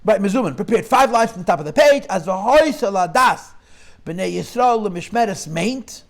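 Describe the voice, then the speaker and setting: High-voiced man teaching a Torah class. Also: animated, normal speed. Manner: mixes English with Yiddish and Hebrew terms, questioning.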